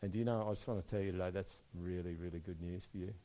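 Aussie preacher guy, lowish mellow voice, goes quiet then gets loud and fired up. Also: steady tone, very fast. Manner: swings from soft and low to loud and emphatic. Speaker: pastor. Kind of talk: sermon.

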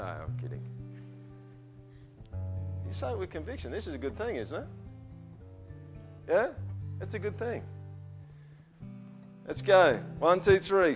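A male pastor preaching a conversational sermon to his church. He checks in with tag questions and swings from quiet, earnest talk to forceful, emphatic declarations. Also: mid-range voice, very animated, normal speed, pauses often, faint music behind. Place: church service.

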